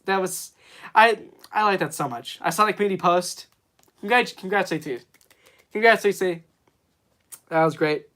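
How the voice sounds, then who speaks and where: A man hosting a relaxed live stream about movies, chatting off the cuff. He rambles, leans on fillers, and reads chat questions back aloud. His talk sounds unscripted and conversational throughout. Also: high voice, brisk. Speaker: streamer host.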